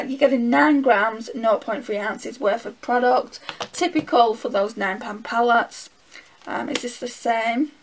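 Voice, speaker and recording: A woman's voice: a little high, a little hiss or hum, low-quality recording. A woman with a Northern English accent, chatting casually to viewers while she swatches makeup and thinks aloud. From England. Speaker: beauty vlogger.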